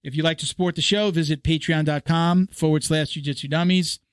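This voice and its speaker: A man hosting a casual podcast, rambling through sponsor shout-outs and laughing often. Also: on the high side, fairly even intonation, a little fast, clean tone, no room sound. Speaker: podcast host. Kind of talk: casual podcast chat reading sponsor reads. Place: studio.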